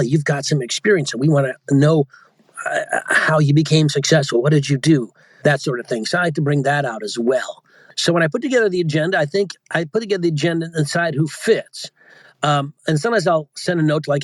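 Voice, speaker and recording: Chatty man with a rambling, higher voice. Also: no echo. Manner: rambling, self-interrupting, chatty. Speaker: audiobook narrator and coach, guest. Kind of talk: casual interview chat.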